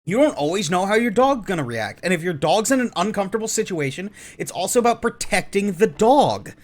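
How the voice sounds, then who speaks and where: A man delivering opinionated reaction commentary in a sarcastic, swearing rant. His voice is fairly high for a man and very animated, jumping up and down constantly. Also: fairly quick. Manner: ranting, sarcastic, profane. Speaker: online commentator.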